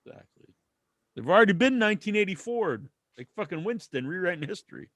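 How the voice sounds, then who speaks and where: High-voiced man ranting on a podcast. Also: big pitch swings, brisk, fairly bright tone, no echo, clean studio sound. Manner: opinionated, ranting. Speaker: podcast host reading listener questions. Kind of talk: casual wrestling podcast chat.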